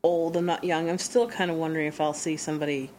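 A man in his thirties co-hosting a casual podcast, reflective and quick to laugh. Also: fairly high pitch, flat delivery, darkish tone, a little hiss or hum. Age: 30s. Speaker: podcast co-host. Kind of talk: casual chat.

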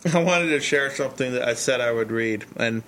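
A man's voice: medium pitch, brisk, a bit bright, slight background noise. A man co-hosting a casual podcast, rambling through crude jokes and laughing at his own lines. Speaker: podcast co-host.

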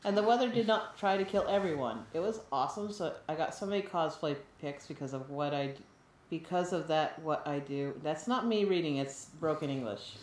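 A woman with a notably low voice co-hosts a casual podcast, reading listener emails aloud. She laughs often and gets animated when joking. The room adds a roomy echo. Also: fairly quick.

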